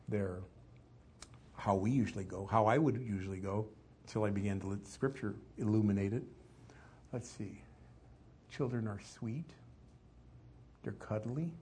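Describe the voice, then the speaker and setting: Man preaching with soft husky voice. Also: on the low side. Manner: conversational preaching, rhetorical questions, swings from loud to hushed. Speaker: pastor. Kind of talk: sermon.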